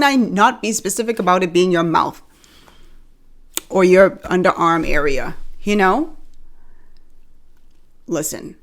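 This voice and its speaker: Lively young woman from the Bahamas chatting. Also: on the low side, slow, long pauses. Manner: animated, joking, addresses viewers as y'all. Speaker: video host. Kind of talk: casual talk to camera.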